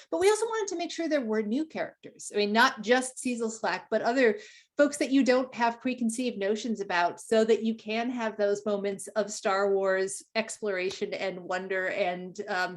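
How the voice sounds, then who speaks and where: A woman producer on a virtual panel, explaining her work thoughtfully, with hesitant fillers, over a video call. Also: a little high. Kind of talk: panel discussion.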